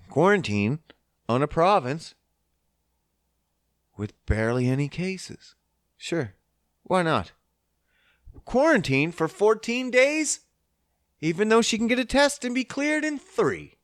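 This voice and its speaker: Sarcastic man ranting, lively pitch. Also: dry recording, clean studio sound. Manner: sarcastic, profane, exasperated. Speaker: podcast host. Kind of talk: casual solo podcast rant.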